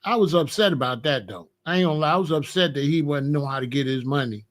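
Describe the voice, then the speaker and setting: A man's voice: a little high, fast talker. An older man, a grandfather, talking casually to camera in a profane, taunting rant, laughing often and asking "you know what I'm saying?". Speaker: vlogger scolding his grandson.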